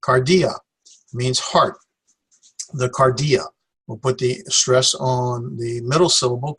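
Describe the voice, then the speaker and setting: A man teaching a Greek class in a classroom lecture, halting with many fillers as he sounds out syllables slowly. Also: medium pitch, sharp tone, breathy edge.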